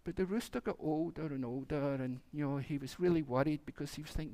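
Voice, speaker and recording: A man's voice: fairly high pitch, fast talker, few pauses, dark tone. A man, a minister telling a playful children's story during a church service and acting out the animals.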